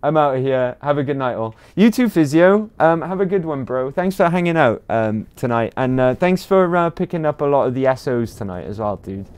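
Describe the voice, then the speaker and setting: A man's voice: medium pitch, expressive, brisk, few pauses, a little mellow, clear, resonant tone. A man with a British accent, chatting casually to viewers while livestreaming a game, rambling with lots of ums and uhs. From Britain. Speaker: game streamer.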